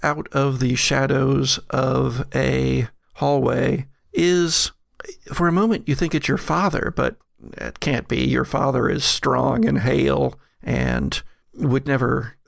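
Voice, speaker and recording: A man narrating a tabletop horror game as game master, measured and halting with vivid description. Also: medium pitch, lively intonation, gravelly, no room sound, studio quality.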